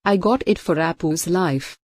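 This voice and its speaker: A woman voicing a scheming villainous woman, read out flatly with a slightly raised voice. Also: lowish voice, unhurried, dry recording.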